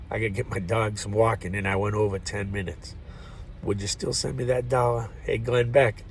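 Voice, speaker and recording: A man in his fifties from the United States, talking straight to his viewers in an agitated, racing, rambling monologue full of swearing and sudden shouting. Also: medium pitch, a little hiss or hum. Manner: excitable, profane, rambling with frequent bursts of shouting. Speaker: vlogger addressing viewers. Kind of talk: rambling direct-to-camera monologue.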